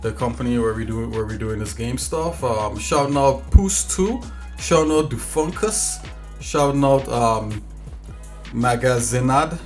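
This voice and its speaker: A man's voice: mid-range voice, measured pace, soft background music. A man hosting a casual livestream as a game developer, talking in an easygoing, rambling way with lots of fillers.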